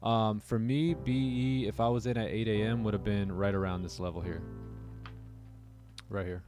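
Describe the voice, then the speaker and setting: A man hosting a casual trading livestream, chatting loosely with viewers and answering their chat messages. He jokes around and laughs often. A faint music bed plays quietly behind his voice. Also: fairly low pitch, steady tone, moderate pace. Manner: joking, laughs often, reads chat aloud. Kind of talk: casual live-stream chat.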